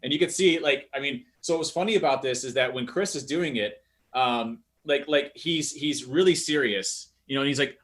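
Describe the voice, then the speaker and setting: A man with a mid-pitched voice tells a story at a fast clip on a video call. He rambles and laughs, circling back over his words. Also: fairly bright tone. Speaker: guest. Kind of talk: casual storytelling.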